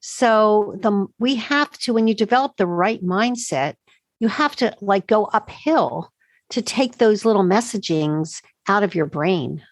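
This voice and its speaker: A woman, a doctor answering podcast interview questions with emphatic, animated explanations. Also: medium pitch, a little slow, no room sound. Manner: emphatic, animated storytelling with quoted asides. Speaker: integrative medicine doctor, podcast guest.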